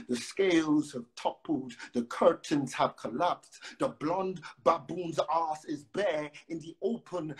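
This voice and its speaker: A man with a somewhat high voice talks easily, full of fillers, then reads his poetry with a rhythmic, emphatic drive. He is heard through a phone on a live video stream. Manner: loose and chatty with many fillers, then rhythmic and emphatic when reciting. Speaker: guest poet. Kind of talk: casual chat and spoken word poetry reading.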